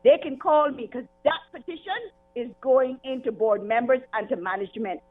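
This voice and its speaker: High-voiced woman caller, worked up and repeating herself, tinny phone line. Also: moderate pace. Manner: impassioned, repetitive, pleading. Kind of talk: irate call-in complaint.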